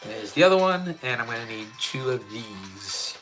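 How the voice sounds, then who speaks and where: A man's voice: medium pitch, big pitch swings, normal speed, bright, forceful tone, soft background music. A man with an Australian accent chatting casually on a live stream while building Lego and reading chat, rambling with many fillers.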